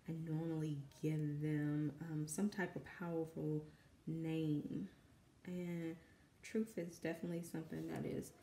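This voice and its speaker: A woman's voice: sits low, dark tone, a little hiss or hum. A young woman with a Southern accent and a dry voice, nervously rambling as she talks through a painting at home. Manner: rambling, self-conscious, many fillers. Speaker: artist and mother. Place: home room with kids in the background. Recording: echoey room.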